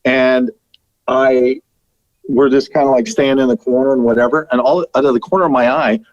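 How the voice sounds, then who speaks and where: A middle-aged man from Canada, a longtime radio broadcaster, telling lively stories as a podcast guest. He laughs often and acts out the lines people said. The sound is dull and dry. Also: mid-range voice, a little fast, dry recording. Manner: animated anecdotes, laughing, acting out quotes. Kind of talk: storytelling in a podcast interview.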